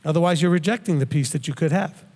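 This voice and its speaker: A man's voice: fairly high pitch, fast, a little mellow. A middle-aged man giving a plain-spoken, earnest Bible teaching, often repeating words as he thinks aloud. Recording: long hall reverb.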